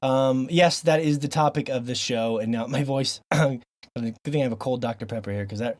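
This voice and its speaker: A man from Montana hosting a gaming podcast, rambling excitedly with crude jokes and lots of fillers. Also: medium pitch, normal speed. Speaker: podcast host. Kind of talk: casual gaming podcast banter.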